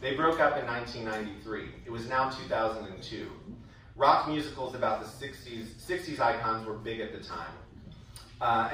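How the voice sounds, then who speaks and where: A man's voice: mid-range voice, slight background noise. A young adult man telling wry stories in a speech at a school event. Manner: wry, animated storytelling with laughs. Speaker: former student giving a speech. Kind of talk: storytelling speech. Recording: echoey hall from far off.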